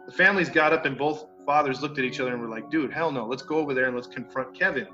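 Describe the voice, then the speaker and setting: Bright-voiced man telling a story. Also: mid-range voice, quick pace. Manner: animated, acts out quoted neighbors, mild cursing. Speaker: podcast storyteller. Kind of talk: casual storytelling chat. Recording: dull lo-fi sound with faint music.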